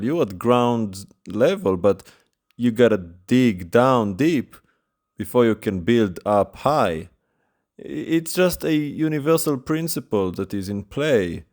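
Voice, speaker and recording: A man preaching a sermon, retelling stories in a lively, conversational way with emphatic rises in his voice. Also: mid-range voice, unhurried.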